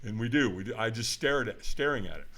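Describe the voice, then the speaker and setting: A middle-aged man telling a story as a podcast guest, acting out the voices of the people in it and shouting for emphasis. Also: medium pitch, lively intonation, fast talker, gravelly. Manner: dramatic retelling, acts out quoted voices, shouts for emphasis. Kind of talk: animated storytelling.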